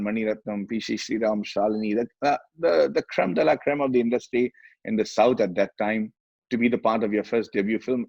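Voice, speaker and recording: Fast-talking Indian man, husky voice. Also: mid-range voice, no echo, highs cut off. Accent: Indian English. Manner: animated, switches between English and Hindi, acts out quoted voices. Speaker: guest, film actor. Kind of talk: casual storytelling chat.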